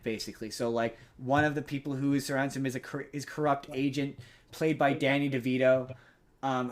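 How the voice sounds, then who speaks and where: A young adult man hosting a podcast, casually recapping a movie plot in a rambling way. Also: mid-range voice. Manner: rambling, many restarts and fillers. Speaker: podcast host.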